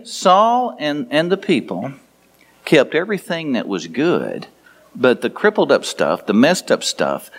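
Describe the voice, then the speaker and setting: Pastor, male, high voice; playful sermon delivery, acts out the dialogue. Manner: storytelling, playful, acts out dialogue with rising pitch.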